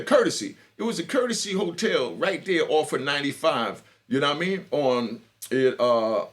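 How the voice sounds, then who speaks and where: Animated, laughing man telling a street story. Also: on the high side. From New York. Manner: animated, laughs often, repeats "you know what I mean"; boastful and bawdy, stumbling restarts. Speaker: storyteller, channel host. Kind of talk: casual street storytelling monologue.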